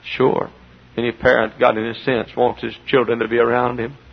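Fiery Baptist preacher on old tape. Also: male voice, flat delivery, normal speed, creaky, husky. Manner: impassioned, swinging from low asides to shouts. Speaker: Baptist pastor. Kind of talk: sermon. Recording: dull lo-fi recording.

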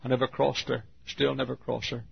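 A man's voice: mid-range voice, level tone, fairly quick, vocal fry, breathy edge. A man in his fifties preaching a sermon, telling a folksy personal story and rising into fervent exhortation. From Texas. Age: 50s. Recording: dull lo-fi sermon recording.

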